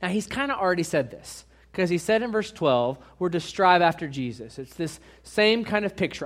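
Preaching from the pulpit, a pastor with a strikingly high voice delivers a very animated sermon. He moves back and forth between quiet, confessional asides and loud, deliberately slowed emphasis, frequently putting direct questions to the congregation.

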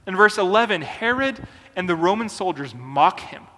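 A man preaching a sermon as a pastor, earnest and deliberate, with emphatic pauses. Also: sits high, expressive, bright, forceful tone, in a large hall.

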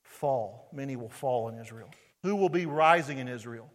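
A man's voice: medium pitch, moderate pace. Southern man preaching in a reverberant hall. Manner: animated preaching with rhetorical questions to the congregation. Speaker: pastor. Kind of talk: sermon. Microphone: wearing a mic on his body.

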